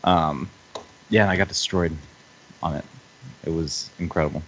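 A man with a fairly low voice who speaks as a podcast guest. He tells his stories hesitantly and rambles, with small laughs along the way. His audio sounds dull and lo-fi. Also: fairly even intonation, normal speed, a bit bright, slight background noise. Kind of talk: casual chat.

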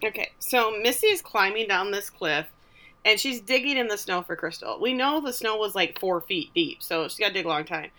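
A woman co-hosting a casual podcast, retelling a TV episode and acting out the characters' lines in animated voices. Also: medium pitch, brisk. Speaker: podcast co-host recapping a TV episode. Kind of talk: casual chat.

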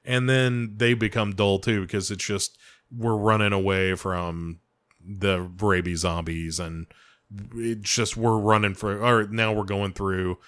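A man with a somewhat low voice talks through a movie review in a loose, casual way. He rambles and jokes, filling his pauses with ums and uhs as he goes. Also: little pitch movement, fairly bright tone. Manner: rambling, jokey, hesitant with many fillers.

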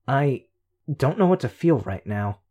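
A man voicing a dry, sarcastic teenage girl in an audiobook, in a deadpan tone. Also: mid-range voice, unhurried, pitched above the performer's own voice. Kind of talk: audiobook character voice.

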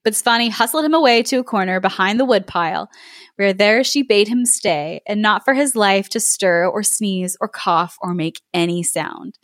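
A woman podcast host reading a folk tale aloud, giggling and adding lively asides. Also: mid-range voice, normal speed, no echo, studio quality.

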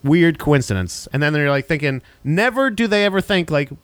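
A man's voice: fairly high pitch, moderate pace, no echo. A man co-hosting a podcast, rambling through casual banter and swearing freely. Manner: rambling, animated, swears and laughs often. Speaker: podcast co-host.

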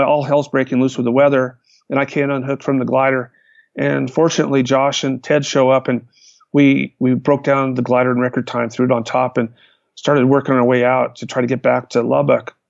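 Gravelly guy telling a wild flying story, dry dull lo-fi sound. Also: mid-range voice, a little fast, dry recording. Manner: animated, vivid retelling with restarts. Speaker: guest, hang glider pilot. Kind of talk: storytelling in a conversation.

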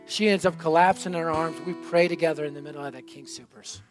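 A middle-aged male preacher tells a story to a church room with lively, animated energy. His voice sits high and rises loud, then drops to a hush. Faint guitar plays in the background. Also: fast talker. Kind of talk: sermon storytelling.

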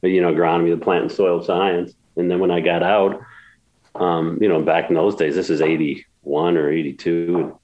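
A man's voice: low voice, little pitch movement, moderate pace, a little mellow, lo-fi sound. A man in his sixties from upstate New York, telling emotional stories in an interview with many restarts and repeats. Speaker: golf course builder, guest. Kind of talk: storytelling interview.

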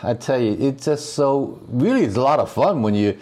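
A man, an actor guest on a podcast, telling stories in a casual, animated way and laughing often. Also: mid-range voice, fairly quick. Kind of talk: casual chat.

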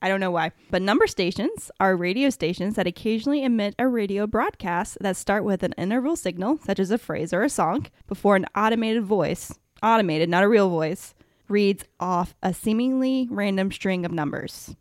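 A woman's voice: medium pitch, animated, normal speed, no room sound, clean studio sound. A woman hosting a podcast, casually explaining science topics to her friends in a chatty way. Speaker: podcast host.

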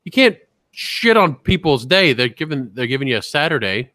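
A man's voice: mid-range voice, sing-song, normal speed, bright, forceful tone, no room sound. A man co-hosting a casual podcast, joking and profane, often slipping into put-on voices. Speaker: podcast co-host. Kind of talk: casual chat.

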